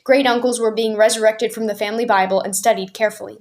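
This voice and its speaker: A woman reading a family memoir aloud as a storyteller, in a steady, clear telling. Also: medium pitch, fairly quick, hardly any pauses. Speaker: storyteller aunt.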